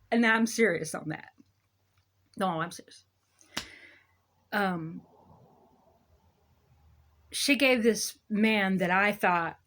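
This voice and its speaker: A woman's voice: medium pitch, a bit bright. A woman delivering a sarcastic, emphatic ranting monologue as a local commentator. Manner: sarcastic, emphatic, self-mocking.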